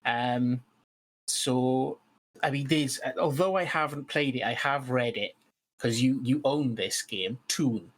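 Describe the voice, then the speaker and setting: A man's voice: mid-range voice, slow. A man co-hosting a podcast in casual chat about tabletop games, talking hesitantly with many restarts. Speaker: podcast co-host.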